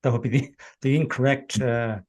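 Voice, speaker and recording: A man of medium pitch hosts an interview podcast. He talks in a relaxed, chatty way, pausing on fillers as he thinks. His questions come across as easygoing and conversational. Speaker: podcast host.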